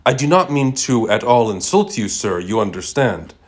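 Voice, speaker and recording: A man's voice: mid-range voice, big pitch swings, moderate pace, close to an everyday voice. A man voicing a young male college student working as a barista, speaking politely with a thick accent. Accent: thick foreign accent. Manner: courteous, deferential.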